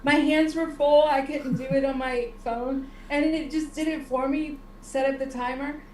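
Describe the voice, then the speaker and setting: Give me a high, giggly woman in an echoey room. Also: steady tone, normal speed, a little mellow, slight background noise. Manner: chatty and giggly. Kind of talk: casual video-call chat. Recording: echoey room, distant mic.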